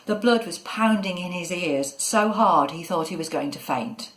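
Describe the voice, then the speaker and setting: A woman narrating a children's story in a measured, expressive way. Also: lowish voice. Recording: echoey room.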